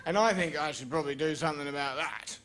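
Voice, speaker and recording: A man's voice: fast, a bit bright. A young Australian man telling a rambling, self-mocking story on stage as a stand-up comedian. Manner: rambling, self-mocking storytelling with sudden high-pitched jumps.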